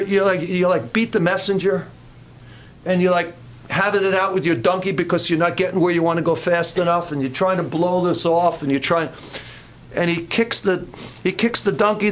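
An older man preaching a sermon in an animated, dramatic way, swinging between loud outbursts and hushed passages. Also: high-pitched.

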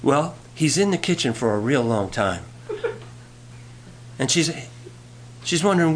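A man's voice: on the high side, big pitch swings, measured pace, pauses often. A male pastor preaching a sermon in a folksy way, telling jokes and reading scripture aloud.

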